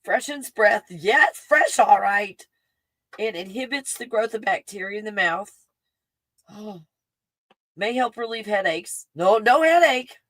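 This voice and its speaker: A woman in her forties hosting a casual solo livestream, rambling excitedly and swinging between hushed asides and loud outbursts. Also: on the high side, dry recording, poor audio. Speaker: livestream host.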